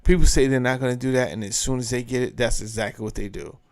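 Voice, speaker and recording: A man's voice: medium pitch, fairly even intonation, fast talker. A man hosting his own show, giving blunt, profane, emphatic commentary in a casual rant. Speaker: show host commenting on a clip.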